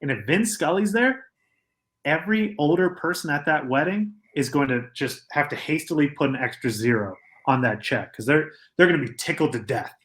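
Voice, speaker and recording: A man co-hosting a sports podcast in a studio, talking in a measured way and building his points with pauses. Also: on the high side, lively intonation, fairly bright tone. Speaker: podcast co-host. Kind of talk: casual sports chat.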